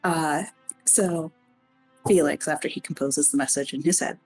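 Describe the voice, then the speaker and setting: A woman playing a tabletop game, talking in a hesitant, halting way. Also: sits low, fairly even intonation, darkish tone, slightly rough, faint music behind. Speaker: player. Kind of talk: casual tabletop play.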